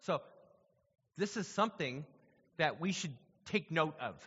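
A man's voice: fairly high pitch, expressive, unhurried, a bit bright, husky. Man, preacher, sermon, conversational teaching, long hall echo, muffled lo-fi. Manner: conversational teaching, checks in with listeners. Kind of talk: sermon with scripture reading.

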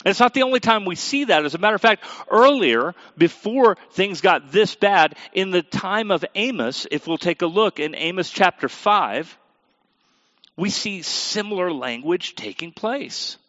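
A man delivering a sermon in a fairly high voice, reading scripture and dropping low and quiet before rising to emphatic questions for his listeners. The sound is dry and a little dull, like a lo-fi recording. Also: animated, moderate pace, no room sound. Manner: reads scripture aloud, shifts between quiet and emphatic; asks the audience questions directly. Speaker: pastor.

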